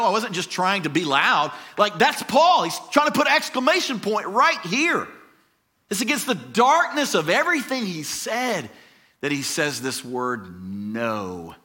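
A high-pitched male pastor preaches a sermon and reads scripture, alternating between quiet, measured lines and loud, emphatic declarations.

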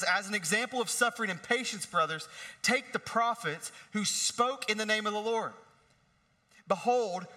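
A man's voice: high voice, sharp tone. A man preaching a sermon to his congregation in a conversational way that builds to emphatic peaks. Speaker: pastor. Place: large church hall. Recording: long reverb of a large hall.

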